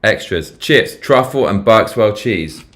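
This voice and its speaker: A man's voice: fairly low pitch, takes it slowly. A man with a British accent chatting casually on a live stream, swearing freely and reacting aloud as he reads. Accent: British English. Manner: swearing, excitable, reacting aloud while reading.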